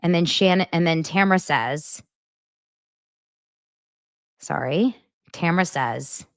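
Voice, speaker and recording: A woman's voice: fairly low pitch, slow, no echo, studio quality. A woman hosting a casual gossip show, chatting and reading out text messages, often stopping to correct herself. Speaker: podcast host.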